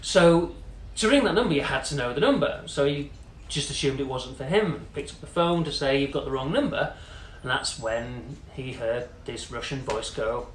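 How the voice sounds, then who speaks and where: A man's voice: medium pitch, lively intonation, moderate pace. Chatty man telling a story. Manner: chatty, many "you know" fillers, acts out quoted voices. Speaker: company CEO telling a story. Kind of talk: casual storytelling. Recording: echoey room with faint noise.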